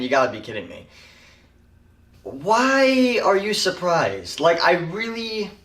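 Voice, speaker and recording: A man talks through a TV show review in a loose, rambling way, leaning on fillers as he goes. His voice sits at an ordinary middle pitch. The room is echoey, and he is some distance from the mic. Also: a bit bright. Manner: rambling and chatty, full of "like" and "um". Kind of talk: casual spoken review.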